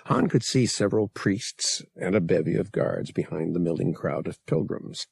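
A man reading an audiobook with steady, brisk storytelling. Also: on the low side, gravelly, slightly rough, no room sound. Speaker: audiobook narrator. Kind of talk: scripted audiobook narration.

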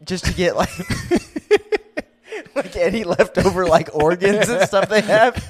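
A man's voice: high-pitched, big pitch swings, slow, slightly rough. A young man co-hosting a podcast, telling a story in casual chat, laughing often and saying "dude" and "like" a lot. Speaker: podcast co-host.

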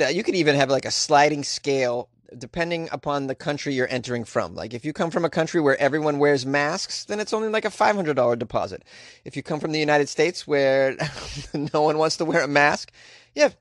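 A man's voice: medium pitch, no room sound, studio quality. A man hosting a comedy news podcast, joking his way through stories and chuckling between lines. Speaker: podcast host.

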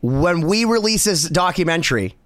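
A man co-hosting a casual chat, quick to fill in details. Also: fairly high pitch, animated, fairly bright tone, no room sound, studio quality. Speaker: podcast co-host, documentary maker.

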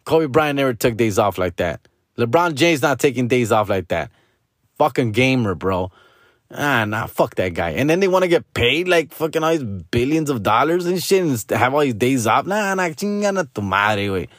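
A man rants about sports to his viewers, swearing and peppering his talk with slang like dog and fool. His pitch swoops up and down in lively bursts. The sound is dry and close, with no room echo. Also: normal speed. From Los Angeles. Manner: profane, slangy, keeps calling the listener dog and fool. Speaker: sports fan vlogger. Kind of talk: casual ranting monologue.

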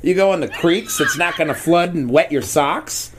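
A man's voice: a little high, moderate pace, background noise. A man hosting a casual podcast, rambling and joking irreverently. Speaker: podcast host. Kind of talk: casual chat.

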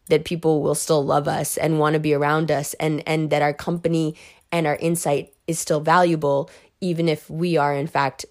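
A woman getting over the flu, talking to her viewers about astrology in a blunt, profane, animated ramble. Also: on the low side. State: recovering from flu, voice a bit off. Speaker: astrology content creator. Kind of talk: casual rambling monologue to viewers.

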